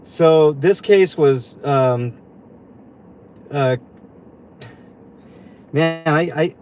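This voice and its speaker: A man hosting a livestream from inside a vehicle, venting in a halting, upset way and greeting viewers. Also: fairly high pitch, a little mellow, clean tone. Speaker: livestream host. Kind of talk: livestream commentary.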